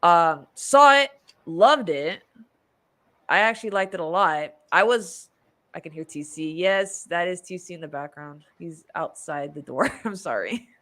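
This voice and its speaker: A woman's voice: lowish voice, lively intonation, measured pace, fairly bright tone. A woman hosting a podcast, chatting casually and rambling through a movie review, laughing often. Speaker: podcast host.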